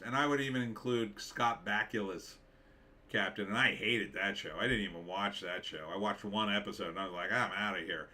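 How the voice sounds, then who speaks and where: A man's voice: fairly low pitch, sharp tone. A man hosting a live stream, reading viewer comments aloud and answering them with blunt, dismissive opinions and many fillers.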